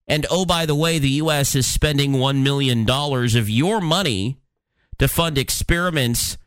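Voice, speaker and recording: A podcast host runs his talk show through the news headlines, offering sarcastic, plain-spoken commentary laced with frequent fillers. His mid-range voice is slightly bright and smooth, captured at studio quality with no echo.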